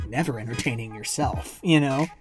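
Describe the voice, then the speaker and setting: A woman's voice: very deep voice, normal speed, a little mellow, faint music behind. A woman in her twenties from Indiana, co-hosting a casual chat, rambling and laughing often. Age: 20s. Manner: chatty, rambling, laughs often, does silly voices. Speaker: podcast co-host.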